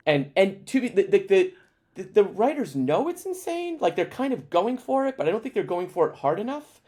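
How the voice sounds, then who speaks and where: A man chatting as a guest on a podcast, telling stories in an animated way with lots of fillers. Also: high-pitched, fairly quick, a little hiss or hum. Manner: animated storyteller, frequent fillers. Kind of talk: casual chat.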